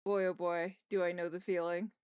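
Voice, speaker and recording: A woman's voice: fairly low pitch, flat delivery, normal speed, clean tone, no echo, muffled recording. A woman streamer chatting casually from her desk at home while she draws, rambling and talking to her pets. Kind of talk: casual livestream chat while drawing. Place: home desk in a wheeled chair.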